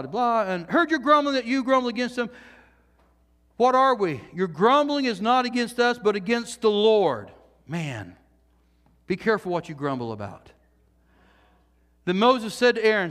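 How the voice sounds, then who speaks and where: High-voiced preaching man in a reverberant hall. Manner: animated preaching, swinging from loud to hushed; jokey asides to the congregation. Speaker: pastor. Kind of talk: sermon. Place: church sanctuary.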